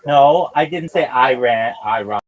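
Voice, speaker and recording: A man's voice: mid-range voice, slow pace, rough recording. A man hosting a livestream in casual chat, swearing and using slang as he rambles. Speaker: livestream host.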